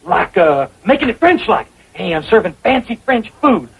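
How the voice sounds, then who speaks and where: A man's voice: high-pitched, very animated, normal speed, creaky, a little hiss or hum, heavily acted. An actor playing a dim, boastful young hillbilly man, eager and goofy in a 1960s sitcom. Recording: dull old TV audio, loud studio laughter.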